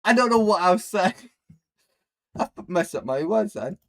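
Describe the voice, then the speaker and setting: A man's voice: high voice, expressive, unhurried, fairly bright tone. A man giving casual, crude reaction commentary as a streamer. He rambles and laughs at his own slips.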